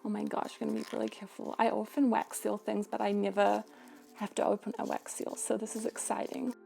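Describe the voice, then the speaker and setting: A young woman with a New Zealand accent, a doll artist unboxing a doll in an excited vlog, full of breathless delighted gasps. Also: medium pitch, fairly quick, creaky, faint music behind. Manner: gushing, breathless exclamations of delight.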